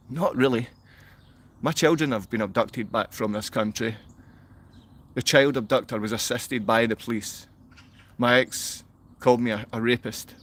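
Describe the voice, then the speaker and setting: Sounding dejected, a livestreamer with a mid-range voice reads viewer comments aloud and answers them by ranting, confrontational and insulting.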